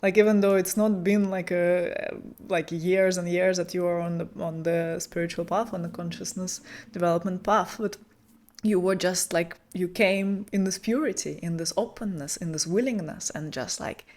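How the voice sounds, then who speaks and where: A woman hosting a podcast as a spiritual mentor, speaking in a soft, affirming way with slow, spiritual wording. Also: on the low side, fairly even intonation. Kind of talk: warm reflective podcast talk.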